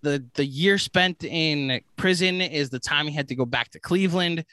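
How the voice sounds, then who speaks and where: A man chats as a podcast guest, his voice bright and forward. He talks in long, eager run-on sentences. The sound is dry and close. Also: fairly high pitch, normal speed, smooth, dry recording. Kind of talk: casual podcast chat.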